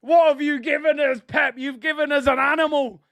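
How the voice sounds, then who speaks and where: A young man hosting a live football watch-along, excitable, joking with his chat and shouting when his team scores. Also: very high voice, normal speed, gravelly. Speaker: football fan channel host.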